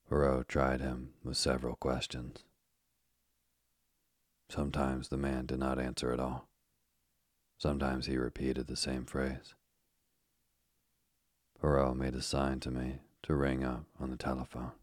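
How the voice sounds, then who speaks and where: A man narrating a story in the first person as an audiobook, reading in a measured, steady way. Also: rumbling low, dry recording, clean studio sound.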